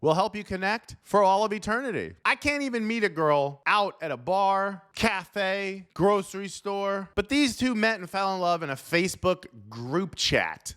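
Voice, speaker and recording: Smooth-voiced sarcastic comedian man. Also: high voice, lively intonation, moderate pace, few pauses, a bit bright. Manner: sarcastic, riffing, incredulous. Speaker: comedian host. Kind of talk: comedic news monologue.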